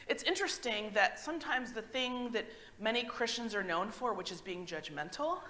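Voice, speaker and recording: A woman pastor in her thirties giving a sermon in a church, chatty and animated, often asking the congregation questions. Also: a little high. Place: church sanctuary.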